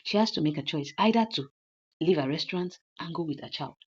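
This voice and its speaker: A woman's voice: sits low, expressive, brisk, breathy edge. A woman retelling a drama story in a loose, chatty narration, often repeating her lines. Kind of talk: casual story recap. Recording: dull lo-fi recording.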